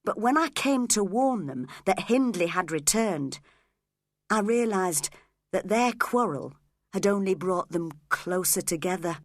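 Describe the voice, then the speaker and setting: Slow, expressive woman storyteller. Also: medium pitch, no room sound, studio quality. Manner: clear, expressive and deliberate. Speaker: storyteller for English learners. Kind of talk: graded reader narration.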